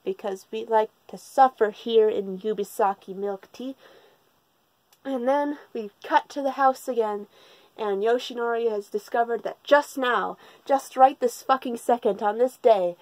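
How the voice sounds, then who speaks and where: Woman reviewer, sarcastic and profane comedic recap, slightly high voice, dry close sound. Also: darkish tone, dry recording, poor audio. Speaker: manga reviewer.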